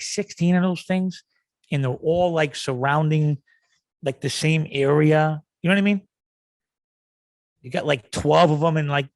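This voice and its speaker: A man's voice: on the high side, dry recording. A man hosting a podcast, rambling through a comic rant. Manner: ranting, rambling, acts out yelling. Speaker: podcast host. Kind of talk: comedic rant.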